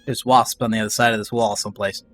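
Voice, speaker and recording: A man's voice: fairly low pitch, level tone, fast, a bit bright, a little hiss or hum. A man casually chatting on a live game stream, rambling and greeting viewers in chat. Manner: rambling, reads out chat names.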